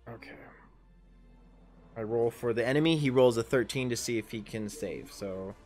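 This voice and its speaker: A man's voice: medium pitch, normal speed, darkish tone, faint music behind. A man in his thirties acting as dungeon master on a casual livestream, thinking aloud as he reads out the adventure and calls for rolls. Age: 30s.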